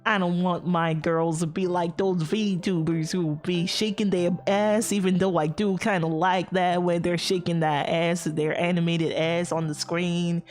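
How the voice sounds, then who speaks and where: Slow, low-voiced woman streamer rambling. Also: fairly even intonation, darkish tone, faint music behind. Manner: rambling, crude, joking. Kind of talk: casual livestream chat.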